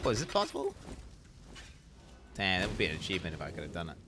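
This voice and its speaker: A man streaming a video game, chatting casually with his viewers in an excitable, profane way. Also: sits low, fast, over loud music. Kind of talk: casual gaming commentary.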